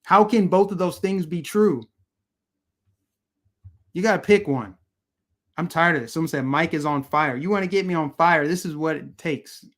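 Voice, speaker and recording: A man's voice: on the high side, normal speed, pauses often. Heated, emphatic man ranting on stream. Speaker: political commentary host. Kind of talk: live-streamed commentary rant, answering chat.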